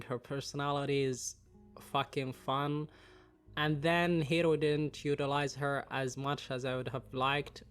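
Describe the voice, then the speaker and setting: A man's voice: mid-range voice, a bit bright, smooth. A man with a congested voice from the flu, casually rambling through a fan tier list with lots of fillers and some swearing. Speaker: anime and manga commentator.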